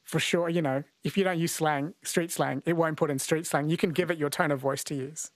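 Male radio quiz host, slightly higher voice, friendly chatty delivery, dry studio mic. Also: fairly even intonation, brisk, dry recording. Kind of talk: radio call-in quiz hosting.

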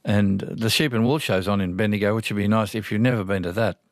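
A man's voice: lowish voice, fast talker, no echo. Aussie radio host guy, rambly chatty, dry close sound. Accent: Australian. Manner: chatty, rambling, warm-hearted asides. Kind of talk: casual radio chat. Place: small radio studio.

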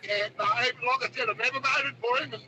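A man's voice: very high voice, steady tone, fast, noisy background. A man with an Australian accent calling into talkback radio, rambling and calling the host mate. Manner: rambling, says mate a lot. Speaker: caller.

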